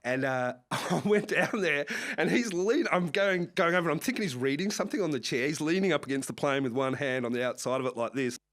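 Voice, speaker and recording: A man with an Australian accent, a music manager telling lively anecdotes in a casual interview. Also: a little high, a little fast, few pauses. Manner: animated anecdotes with frequent laughs and acted-out quotes. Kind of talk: casual storytelling chat.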